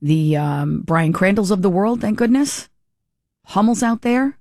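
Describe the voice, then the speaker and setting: A woman's voice: medium pitch, lively intonation, measured pace, darkish tone, no echo, studio quality. A woman hosting a talk radio show, giving chatty, opinionated political commentary with frequent restarts.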